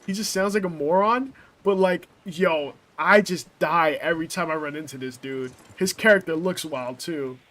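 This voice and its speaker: A man's voice: a little high, normal speed, hardly any pauses, a bit bright. A young man chatting casually while streaming a game, rambling and swearing, with lots of filler words. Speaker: gameplay streamer. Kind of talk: casual chat while playing.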